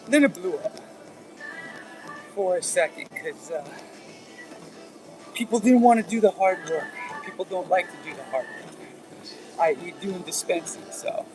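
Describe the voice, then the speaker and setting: Working out on an elliptical indoors, a man hosts a casual livestream, chatting with viewers in a rambling, easygoing way. His voice is high and the recording is low quality.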